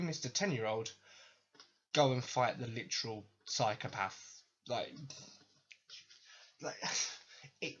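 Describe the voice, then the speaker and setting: A man's voice: medium pitch, fairly bright tone, breathy edge. A young man hosting a podcast, ranting in a profane, sarcastic way. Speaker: podcast host. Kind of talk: ranting commentary. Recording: dull lo-fi recording.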